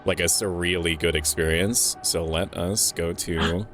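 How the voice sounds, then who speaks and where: A man's voice: low voice, steady tone, unhurried, fairly bright tone, faint music behind. A young man hosting a charity stream, chatting loosely and jokingly with many fillers. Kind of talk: casual streaming chat.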